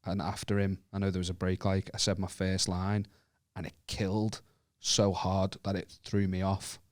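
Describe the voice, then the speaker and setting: A man's voice: low-pitched, moderate pace, no echo, clean studio sound. A young man from Wallasey with a Merseyside accent, telling sweary comedy stories on a podcast. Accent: Merseyside English. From Wallasey, England. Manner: sweary, animated storytelling. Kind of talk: casual chat.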